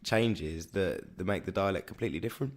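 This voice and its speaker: Deep-voiced Brummie man rambling. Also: fairly quick. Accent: Birmingham. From Birmingham, England. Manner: rambling, stumbles and restarts often. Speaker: podcast co-host. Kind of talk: casual chat.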